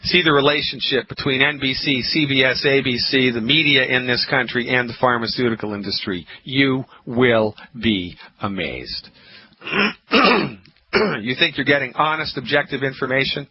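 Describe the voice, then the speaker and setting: A man hosting a call-in health radio show, lecturing emphatically and repeating his points, with a frog in his throat that makes him keep clearing it. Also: mid-range voice, normal speed. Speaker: radio talk show host. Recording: muffled radio broadcast with faint hiss.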